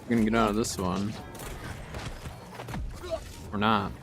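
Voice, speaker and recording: Lowish-voiced man streaming a game. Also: a little slow, over music. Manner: relaxed, explains tactics while playing, bursts of excitement in fights. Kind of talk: casual gameplay commentary.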